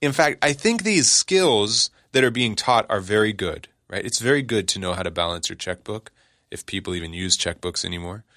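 A man's voice: fairly low pitch, lively intonation, normal speed, bright, forceful tone, no room sound, studio quality. A man hosting a radio talk show, chatting casually with a co-host, stifling laughter and restarting his sentences.

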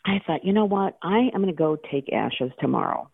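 A woman's voice: lowish voice, lively intonation, brisk, gravelly, husky, dry recording. Tearful, laughing woman caller on the phone. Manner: laughing, tearful storytelling with restarts. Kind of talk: emotional call-in story. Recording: tinny phone line.

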